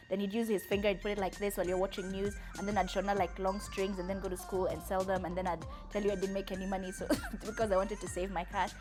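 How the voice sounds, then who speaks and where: A woman's voice: mid-range voice, a little mellow. Giggly young woman, heartfelt. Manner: chatty, giggly, emotional. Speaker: vlogger. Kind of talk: heartfelt personal address.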